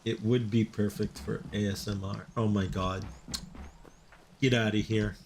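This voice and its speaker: Gravelly, slow-talking streamer man in his fifties. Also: on the low side, level tone, darkish tone, slight background noise. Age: 50s. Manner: chatty, talks to viewers in chat. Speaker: game streamer. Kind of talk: casual live-stream chat over gameplay.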